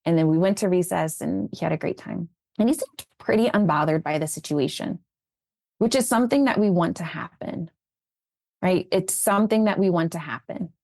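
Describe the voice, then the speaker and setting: A woman's voice: on the low side, moderate pace, gravelly, dry recording. A woman being interviewed as an educator, telling stories about raising children in an earnest, conversational way. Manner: earnest, animated when retelling conversations.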